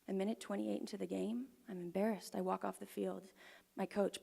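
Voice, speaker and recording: A young woman telling a personal story live on stage to an audience, earnest and often dropping to a hushed near-whisper. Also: medium pitch, fairly even intonation, a little fast, vocal fry, slightly rough. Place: performance venue with audience. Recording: long hall reverb.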